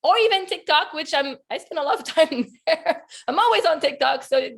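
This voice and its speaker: High-voiced bubbly woman, husky today. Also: animated, fairly quick, a bit bright. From Quebec, Canada. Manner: bubbly, laughs often, chatty. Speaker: life coach. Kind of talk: casual interview chat.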